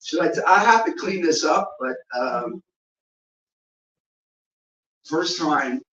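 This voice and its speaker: A man's voice: a little high, slow pace, distant mic. A man telling an anecdote to a live audience at a memorial gathering, acting out the people in his story. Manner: animated, acts out the voices in his stories. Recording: dull, echoey room miked from afar, audience audible.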